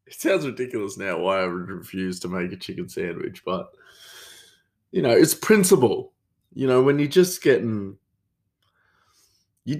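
A man with an Australian accent, rambling through a casual story as host of his own show. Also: mid-range voice. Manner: rambling, animated storytelling with many fillers. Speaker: podcast host, chef.

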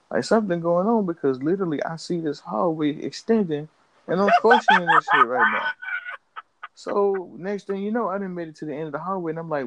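A man's voice: sits high, lively intonation, quick pace, fairly bright tone, no room sound. A young man, a podcast co-host, telling a story in casual slang and acting out his own reactions.

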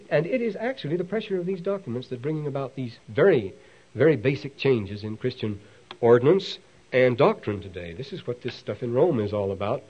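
The audio is dull as a man with a mid-range voice gives a classroom lecture. His talk is discursive, full of asides and restarts, and he brings lively emphasis to the quoted passages he reads aloud.

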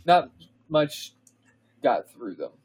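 A man co-hosting a podcast, reading fan fiction aloud in a comedic dramatic reading, pausing for laughs and asides. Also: fairly high pitch, big pitch swings, darkish tone, slight background noise, low-quality recording. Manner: reads slowly, breaks into laughs and asides.

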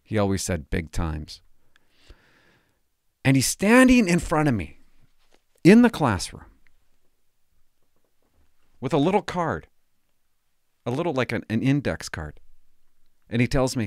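A man's voice: mid-range voice, huge pitch swings, a little slow, pauses often, dry recording, clean studio sound. A man rambling through a casual story, often interrupting himself and laughing at his own tale. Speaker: former police cadet telling stories.

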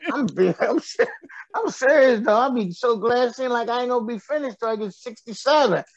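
Gravelly joking comedian, quick laughs. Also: male voice, very high-pitched, expressive, no room sound, lo-fi sound. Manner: laughs often, loose storytelling delivery. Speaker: comedian guest. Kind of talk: joking radio interview chat.

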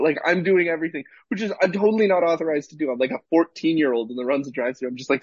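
Husky-voiced man telling a story. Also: on the high side, racing, few pauses, no echo, highs cut off. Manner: animated storyteller, swears freely. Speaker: podcast co-host. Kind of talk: casual chat, storytelling.

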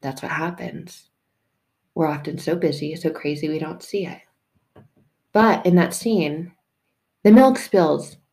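A woman hosting a casual Christian devotional talk, animated and acting out bits of dialogue in different voices. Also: low-pitched, a little slow, pauses often. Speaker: Christian podcast host.

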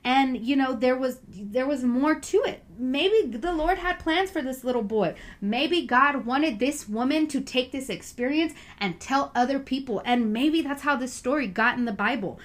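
A woman's voice: high voice, moderate pace, hardly any pauses. A woman giving a casual, earnest Bible reflection, chatty and full of filler words. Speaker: Bible study speaker.

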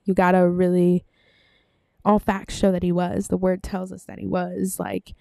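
Woman, casual Bible teaching, gravelly, dry close sound, rambling, slightly breathless. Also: lowish voice, monotone, moderate pace, mellow, dry recording. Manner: rambling, many fillers and self-corrections. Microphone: desk microphone.

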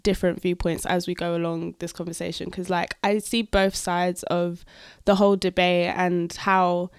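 A woman's voice: lowish voice, little pitch movement, normal speed, clear, resonant tone, no echo, studio quality. A young woman co-hosting a podcast, congested from a cold, blunt and jokey in casual chat. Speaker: podcast co-host.

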